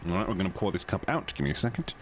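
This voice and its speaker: A male streamer with a low voice that swings widely as he jokes with his chat. He reads the game's text aloud between goofy asides. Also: big pitch swings, racing, slight background noise. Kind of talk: casual livestream commentary.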